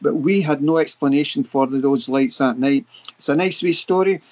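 Animated Scottish man in his sixties. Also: on the high side, normal speed, muffled recording. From Scotland. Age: 60s. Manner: enthusiastic, vivid, repeats words for emphasis. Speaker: guest, paranormal investigator. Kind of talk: animated anecdotal storytelling.

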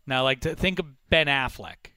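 A man's voice: mid-range voice, animated, normal speed, pushed and bright, clear, resonant tone, dry recording, studio quality. Joking male sports podcast host. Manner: joking, rambling, hesitant fillers. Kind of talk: casual sports talk.

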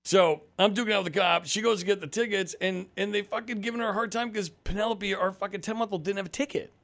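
A man's voice: sits high, fast, gravelly. A man in his thirties, a podcast host, telling a story in casual chat, swearing often and acting out what people said. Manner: profane, animated, acts out quotes.

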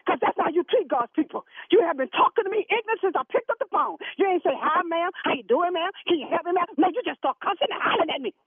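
A woman's voice: very high-pitched, lively intonation, quick pace, hardly any pauses, no room sound. Woman playing a scolding secretary on the phone. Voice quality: preachy, scolding, sharp-tongued. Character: sassy churchgoing woman scolding a caller. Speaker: church secretary answering the phone. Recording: tinny phone line, dry.

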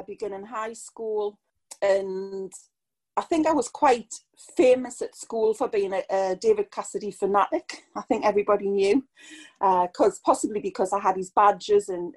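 A woman's voice: mid-range voice, a little mellow. Chatty Geordie woman in her sixties. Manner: chatty and nostalgic, laughing often. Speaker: guest. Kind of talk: casual conversational interview.

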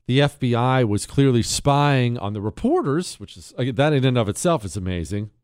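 Speaking at a moderate pace with lively intonation, a man's mid-range, darkish voice comes through clean and dry at studio quality via a studio mic. He's in a radio studio hosting a talk show, brash and sarcastic, doing ad reads, reading listener mail, and laughing along in a monologue.

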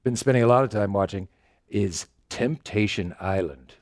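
A man hosting a comedy podcast, telling stories in a rambling, deadpan joking way. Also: lowish voice, normal speed, noisy background. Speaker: podcast host. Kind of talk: casual comedic chat.

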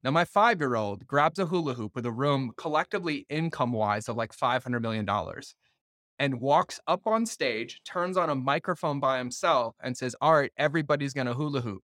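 A man hosting a podcast, telling stories in an animated way and swearing freely in casual conversation. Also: mid-range voice, a little fast, no room sound, clean studio sound. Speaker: podcast host.

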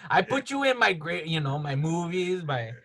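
A man's voice: a little high, sing-song, moderate pace, crowd noise. A man putting on a teasing impression of a male film director with a caricatured Chicano English accent.

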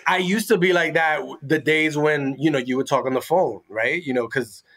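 A man's voice: a little high, moderate pace, a bit bright. A man guest-hosting a podcast, chatting casually and animatedly, often slipping into baby talk. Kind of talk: casual chat.

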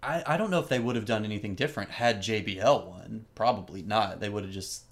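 A man co-hosting a podcast, chatting casually and telling stories with animated energy, acting out what people said. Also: on the low side, fast talker. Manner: animated storytelling, acts out quoted lines. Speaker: podcast co-host. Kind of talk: casual chat.

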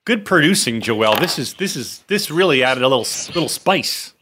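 A man co-hosting a podcast in casual chat, excitable and tripping over his words. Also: medium pitch, fairly quick, a little hiss or hum. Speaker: podcast co-host.

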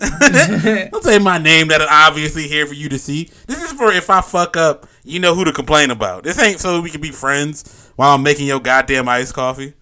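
A man's voice: fairly high pitch, expressive, bright, forceful tone. A young man in casual chat, swearing freely, laughing and acting out what others say. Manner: profane, laughing, acts out others in quick voices.

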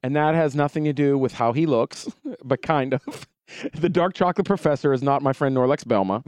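A man hosting a podcast, chatting casually and telling stories with lively quoted voices. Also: mid-range voice, a little fast, smooth, dry recording. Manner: animated storyteller, puts on voices in quotes. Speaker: podcast host. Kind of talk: casual chat.

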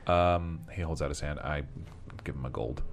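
A man's voice: very deep voice, normal speed, creaky. A man playing a tabletop role-playing game, speaking as his character in a casual, wry way. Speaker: player.

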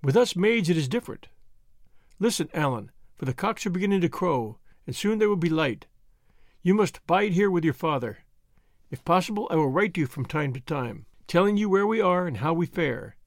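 A man's voice: fairly high pitch, animated, normal speed, dry recording, clean studio sound. A man reading as a devoted young woman. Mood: tender.

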